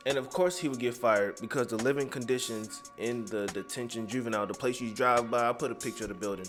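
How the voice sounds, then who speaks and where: A man delivers street-level commentary in a heated, profane rush, his thoughts wandering away from the script. His voice sits at an ordinary middle pitch, and soft music plays faintly underneath. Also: quick pace. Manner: rambling, profane, keeps straying off script. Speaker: commentary vlogger.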